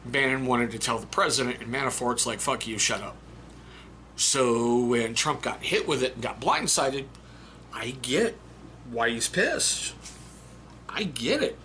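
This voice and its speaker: A man talks through a book in a blunt, casual way, swearing now and then. His voice is bright and forward. Faint background noise sits under the recording. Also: mid-range voice, animated, a little slow. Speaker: book reviewer. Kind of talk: casual spoken book review.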